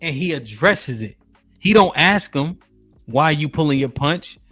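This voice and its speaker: Slangy male streamer, high-pitched. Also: measured pace, soft background music. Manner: animated, slangy, greets chat viewers by name. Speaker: streamer host reacting to a video. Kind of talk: casual live-stream commentary.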